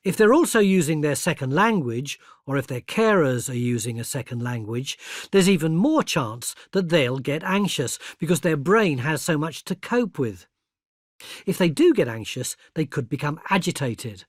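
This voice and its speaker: An older man narrating a scripted educational video, explaining patiently and clearly and speaking example phrases kindly. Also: on the high side, sing-song, normal speed, dry recording, clean studio sound. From England. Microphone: close studio mic.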